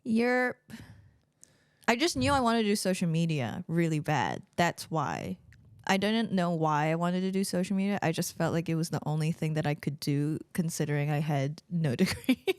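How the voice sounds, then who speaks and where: Casting: young New woman, low-pitched, jokey and sarcastic podcast co-host, dry close sound. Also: moderate pace, clear, resonant tone, no room sound. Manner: sarcastic, jokey, laughs often. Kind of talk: casual chat.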